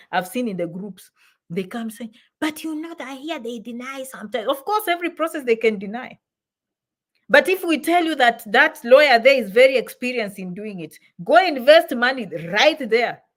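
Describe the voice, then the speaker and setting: A woman's voice: high voice, fairly bright tone. A middle-aged woman hosting an immigration advice live stream, talking emphatically to her viewers, repeating herself and breaking off for affectionate asides. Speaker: immigration advice channel host.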